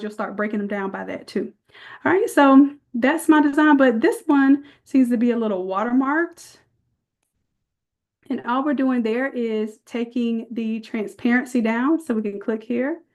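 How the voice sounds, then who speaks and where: A woman's voice: a little high, moderate pace, darkish tone. A woman leading a live online design class, chatty and folksy, calling her viewers y'all as she walks through the steps. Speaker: design instructor.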